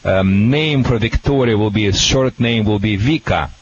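A man with a Russian accent gives dog-training advice to callers on a call-in radio show, talking in a halting, jokey, excitable way. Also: on the low side. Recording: dull lo-fi radio audio with faint hiss.

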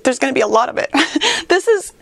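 A woman's voice: high voice, big pitch swings, brisk, gravelly, a bit bright, dry recording. A woman hosting a personal podcast as a fitness trainer, on the verge of tears, emotional and tearful, laughing now and then and repeating words as she searches for them.

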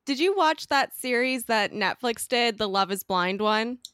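Chatty young woman hosting, lively pitch. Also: measured pace, clear, resonant tone, no echo, clean studio sound. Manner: chatty, giggly, expressive. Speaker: podcast host. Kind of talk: casual chat.

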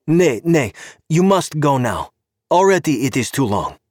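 A man's voice: on the high side, big pitch swings, a little mellow, dry recording, studio quality, pitched above the performer's own voice. Man putting on a polite, insistent policeman. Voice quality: halting broken English. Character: Czech male policeman, polite but insistent.

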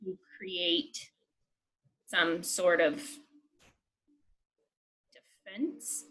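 A woman's voice: fairly low pitch, very slow. Chatty woman, casual podcast. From United States. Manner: chatty and animated, swears freely, many fillers. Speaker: podcast co-host. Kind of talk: casual chat.

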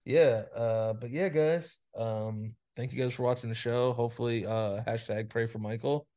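A man's voice: medium pitch, fairly even intonation, normal speed, warm tone. A man hosting a podcast over a video call, ranting in crude casual banter, swearing freely and padding every sentence with "like.". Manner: profane ranting, heavy filler "like". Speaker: podcast host. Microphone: remote video call.

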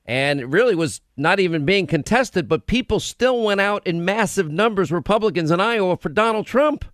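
A man's voice: sits high, lively intonation, fairly bright tone, no room sound, clean studio sound. Combative radio talk host, man. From United States. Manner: combative, rapid run-on delivery. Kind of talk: opinionated political talk radio.

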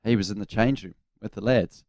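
New Zealand man, forties, lowish voice, easygoing storyteller, dry close sound. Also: brisk, a little mellow, dry recording. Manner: laid-back anecdotal storytelling. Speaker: guest, former cricketer. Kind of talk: casual radio chat.

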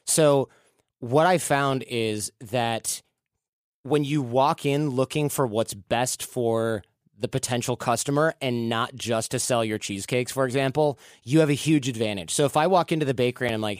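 A man's voice: mid-range voice, moderate pace, dry recording. Male host, storytelling delivery, dry close-mic sound. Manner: storytelling, acts out quoted dialogue. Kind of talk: casual conversational advice.

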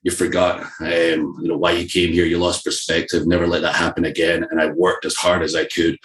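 A middle-aged man with a very low voice tells a story from his wrestling career in a casual interview. He talks candidly and with animation, acting out his own past words. The recording carries a noticeable room echo. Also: a little fast. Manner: candid, animated storyteller who quotes himself. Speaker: professional wrestler. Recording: echoey room.

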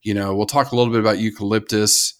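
This American podcast co-host talks fast in a lowish voice with little pitch movement. Enthusiastic about conservation, he rambles through the casual show and restarts his sentences often.

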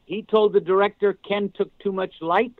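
Older male guest actor, high-ish voice, tinny phone audio; animated, rambling anecdotes. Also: moderate pace, no echo. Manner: rambling, animated storyteller with restarts. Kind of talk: casual podcast storytelling.

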